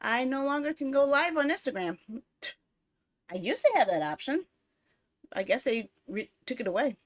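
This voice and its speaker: A woman streamer in casual live-stream chat, rambling and talking to herself as she fiddles with apps, quick to get exasperated and swear. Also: high-pitched, big pitch swings.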